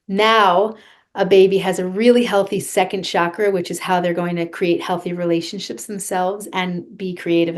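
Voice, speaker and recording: A woman vocal coach being interviewed on a podcast, talking earnestly and guiding listeners through a breathing exercise. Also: mid-range voice.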